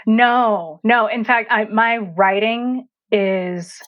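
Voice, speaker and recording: A woman's voice: a little high, very slow, muffled recording. A burnout coach in her thirties, a woman, talking frankly and animatedly as a podcast guest, laughing easily. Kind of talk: casual interview chat.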